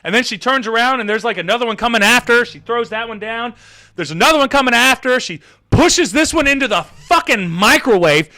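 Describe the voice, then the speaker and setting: A man recapping a movie on a casual live stream, excitable and profane, often laughing as he retells scenes. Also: very high voice.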